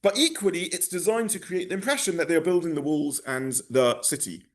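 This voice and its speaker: A man, a rabbi teaching a text class, talking in a lively way with many asides and self-corrections. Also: a little high, brisk.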